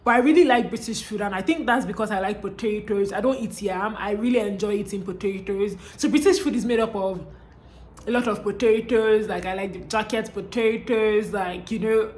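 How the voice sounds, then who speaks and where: A woman's voice: medium pitch, brisk, darkish tone. A young woman with a Nigerian accent, talking casually to her viewers in a chatty vlog and often tagging her lines with "okay?". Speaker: vlogger.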